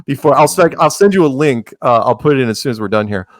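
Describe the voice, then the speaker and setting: A man's voice: medium pitch, animated, fast, no room sound, clean studio sound. A man talking as a podcast guest in a rambling way, full of restarts and sarcastic asides. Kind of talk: casual chat.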